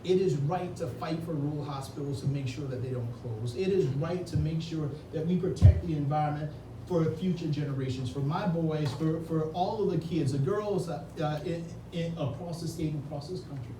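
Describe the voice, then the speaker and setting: A man's voice: fairly high pitch, moderate pace. A man giving an earnest, emotional campaign speech at an indoor reception, tearful and repeating words when moved. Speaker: political candidate. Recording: echoey room, distant mic, ambient noise.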